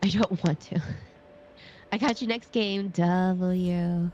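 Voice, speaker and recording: A woman's voice: on the low side, fairly even intonation, slow, a little mellow. A congested woman on a live stream, friendly, reading and thanking chat. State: congested, breathing through mouth. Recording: dull lo-fi mic with faint noise.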